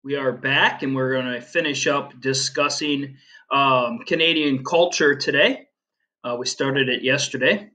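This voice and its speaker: In a relaxed classroom video, a U.S. man in his thirties wanders through a geography lesson, filling it with verbal fillers and anecdotes from his own life. His mid-range voice has a sharp tone and fairly even intonation, and he's unhurried.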